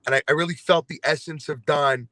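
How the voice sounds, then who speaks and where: Animated New York man, bright voice. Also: fairly high pitch, brisk, no echo. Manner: animated storyteller, many fillers and restarts. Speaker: guest singer. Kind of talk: casual chat.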